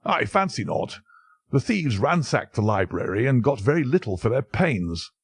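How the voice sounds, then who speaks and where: A man's voice: mid-range voice, big pitch swings, normal speed, breathy edge, dry recording, studio quality, voice pushed up. A man voicing a hearty, easygoing older country colonel.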